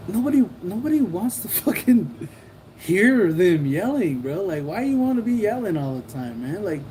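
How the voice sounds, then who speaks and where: A man's voice: fairly high pitch, dark tone, slight background noise, poor audio. A man hosting a casual livestream who rambles, jokes and laughs often while reading comments. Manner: rambling, joking, laughs often, mimics people. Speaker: livestream host.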